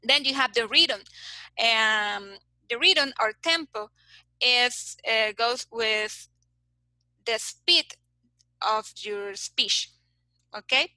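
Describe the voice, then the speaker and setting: A woman's voice: a little high, extremely slow, long pauses, pushed and bright, dry recording, low-quality recording. A woman teaching English phonetics in an online class, patiently explaining and ending her points with "okay?". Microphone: video call.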